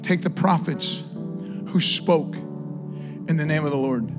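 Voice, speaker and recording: A man's voice: fairly high pitch, slow pace, long reverb tail, music in the background. A male pastor preaching a sermon, impassioned, with repetition and rising exclamations.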